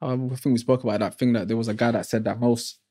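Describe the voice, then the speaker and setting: A man's voice: medium pitch, fairly even intonation, quick pace, mellow, slightly rough. A man hosting a casual interview, talking in a reflective, preachy way with street slang. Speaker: podcast host.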